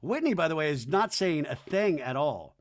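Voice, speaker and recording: A man's voice: a little high, sing-song. A man hosting a podcast, recapping a reality show with gossipy jokes and asides. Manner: gossipy, joking, quick asides. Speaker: podcast host.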